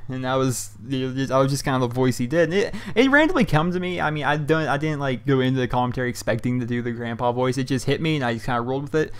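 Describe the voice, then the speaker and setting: A man's voice: mid-range voice, quick pace, hardly any pauses, smooth. A man from Pennsylvania who is a gaming YouTuber, answering viewer questions in a loose, rambling way with lots of fillers over gameplay. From Pennsylvania, USA.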